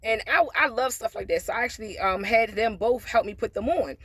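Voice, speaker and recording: A woman's voice: fairly high pitch, lively intonation, a little fast, fairly bright tone, breathy edge, no echo. Blunt, profane woman telling a story. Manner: preachy asides about faith. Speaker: storytime vlogger. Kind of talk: casual storytime monologue.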